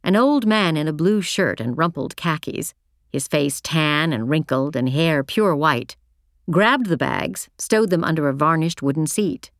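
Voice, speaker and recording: A woman reading a first-person novel aloud as an audiobook narrator, in a measured, reflective way. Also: low voice, expressive, no echo, clean studio sound.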